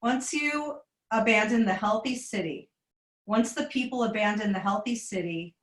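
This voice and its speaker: Brief: female student, slow and deliberate, recorded in a roomy classroom with echo. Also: mid-range voice, a bit bright. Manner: measured, groping for words. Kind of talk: class discussion.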